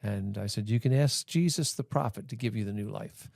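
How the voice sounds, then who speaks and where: A man's voice: on the low side, brisk, gravelly, a little mellow, no room sound, studio quality. A man hosting a church podcast, talking in a casual, rambling way full of fillers. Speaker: podcast host.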